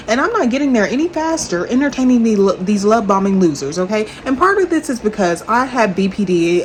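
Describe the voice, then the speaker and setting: A young woman venting in a profane, animated storytime rant to her viewers. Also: medium pitch, slight background noise. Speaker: vlogger.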